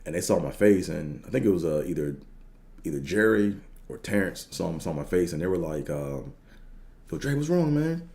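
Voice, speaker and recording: A man's voice: sits low, fairly quick, darkish tone. A young man hosting a podcast, telling a long personal story in a laid-back, rambling way full of slang and fillers. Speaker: podcast host. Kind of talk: casual storytelling.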